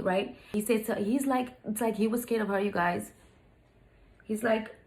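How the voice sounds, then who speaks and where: A woman's voice: mid-range voice, fairly even intonation, unhurried, darkish tone, rough recording. A young adult woman, a stepmother, telling a story in a casual vlog, emphatic and heated, with many fillers. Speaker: vlogger, stepmother.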